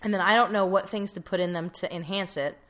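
A young woman co-hosts a podcast in easy, casual conversation. She tells stories with plenty of filler words in a mid-pitched voice. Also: fast talker, fairly bright tone. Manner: chatty storyteller, frequent "like" fillers. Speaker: podcast co-host. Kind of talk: casual chat.

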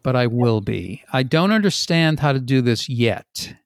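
A man's voice: mid-range voice, animated, measured pace, no echo, studio quality. An older man hosting a talk show, chatting casually and joking between rambling restarts. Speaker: host. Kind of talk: casual interview chat.

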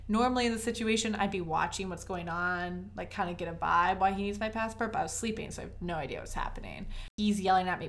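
Animated young woman telling a story. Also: medium pitch, fast, few pauses. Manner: animated, fillers of "like", swings loud and soft. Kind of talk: casual chat, storytelling.

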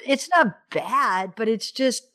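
A woman from the United States co-hosting a podcast in casual, animated chat, often laughing and exclaiming. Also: fairly high pitch, slow. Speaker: podcast co-host.

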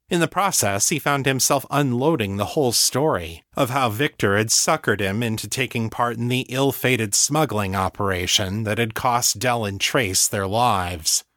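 A man reads a novel aloud in a steady, measured way, his voice sitting at a middling pitch. The sound is dry and close, with no room around it. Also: dry recording. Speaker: audiobook narrator. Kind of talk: scripted narration.

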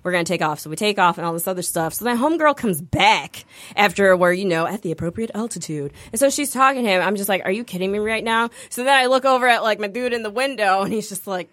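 A woman's voice: mid-range voice, quick pace, dry recording. A woman telling a story in casual chat, acting out the people she quotes. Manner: animated storytelling, acts out quotes.

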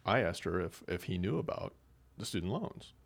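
A male co-host with a very low voice who chats casually on a radio show. He mostly throws in dry, short reactions. When he tells a story he stays easygoing. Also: very animated, moderate pace, vocal fry.

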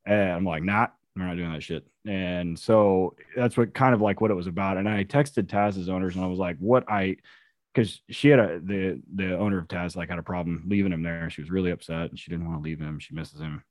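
A man co-hosting a casual podcast chat. His voice sits low, and he tells blunt, profane stories with lots of quoted asides. The sound is dry and close. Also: brisk, a little mellow, no room sound. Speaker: co-host, police dog handler.

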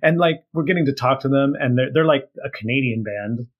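Male guest, husky, chatty storyteller with lots of fillers. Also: medium pitch, fairly quick, muffled recording. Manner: storytelling, laughs often, many fillers. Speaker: author and guest. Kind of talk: casual chat.

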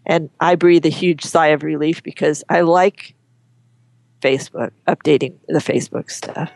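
A woman guest on an interview show, talking frankly and chattily, often pausing and restarting her sentences. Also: sits low, steady tone, vocal fry, darkish tone, no room sound. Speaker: guest, horse photographer. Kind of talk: casual interview chat.

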